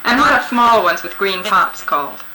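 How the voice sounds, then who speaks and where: A woman interviewer asking questions one by one in a measured, patient way. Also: medium pitch, animated, a crowd in the background, poor audio. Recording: hissy old tape recording.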